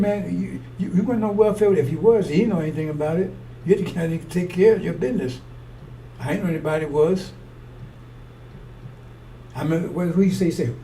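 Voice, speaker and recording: A man's voice: high voice, creaky, mellow. A man preaching a rambling, fiery sermon in a blunt, profane way. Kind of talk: fiery street-style sermon. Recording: distant mic with faint noise.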